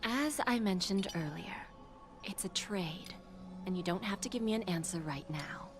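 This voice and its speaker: An actress voicing a patient, scheming woman offering a deal, speaking smoothly and unhurriedly, with music behind. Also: mid-range voice, lively intonation, moderate pace, lightly acted. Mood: silky. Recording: game audio with loud music behind.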